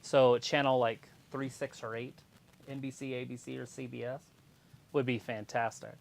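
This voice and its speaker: A man's voice: medium pitch, level tone, normal speed, vocal fry. A man co-hosting a casual wrestling watch-along live stream, explaining things in a rambling, matter-of-fact way.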